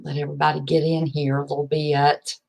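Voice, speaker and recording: Lower-pitched Appalachian woman, livestream host, folksy and chatty, greets viewers warmly by name. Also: little pitch movement, a little fast, gravelly. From West Virginia. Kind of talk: casual livestream chat.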